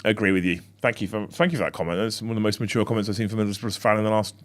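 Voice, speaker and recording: A man co-hosting a football fan podcast in casual chat, reading out viewer comments with quick asides. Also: fairly low pitch, fairly even intonation. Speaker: podcast co-host. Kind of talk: casual live-stream chat.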